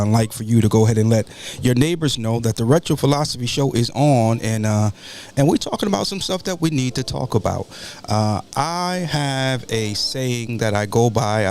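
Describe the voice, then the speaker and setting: A man's voice: medium pitch, darkish tone, smooth. Male pastor-host, folksy, sermonizing, stumbles over repeats. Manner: folksy, preachy, repeats words. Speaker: talk show host and pastor. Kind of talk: casual call-in show hosting.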